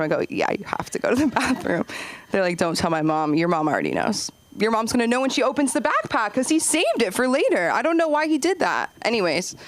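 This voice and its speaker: A woman doing a stand-up comedy set, chatty and rambling, jumping her voice up high whenever she acts out a quote. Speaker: stand-up comic and open mic host. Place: comedy club stage.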